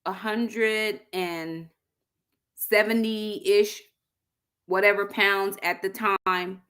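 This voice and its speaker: A woman's voice: mid-range voice, a bit bright. A middle-aged woman chatting casually to viewers on a livestream, addressing them as y'all. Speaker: vlogger hosting a livestream.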